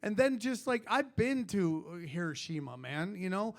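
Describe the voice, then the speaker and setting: A man with a raised, fairly high voice riffs loudly and crudely. He talks in quick bursts of live podcast banter. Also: big pitch swings. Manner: loud joking, crude and brash. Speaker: guest comedian.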